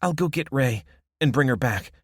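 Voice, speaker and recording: A man's voice: medium pitch, animated, normal speed, slightly rough, dry recording, clean studio sound, pitched above the performer's own voice. A man voicing a desperate young woman fleeing a fire, talking in an urgent, raised voice in an audiobook.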